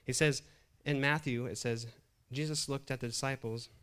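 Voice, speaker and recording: A middle-aged man giving a sermon in a plain, mid-pitched voice. He preaches conversationally, repeating and restarting phrases as he builds emphasis. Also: steady tone, moderate pace, a bit bright, clear, resonant tone. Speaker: pastor.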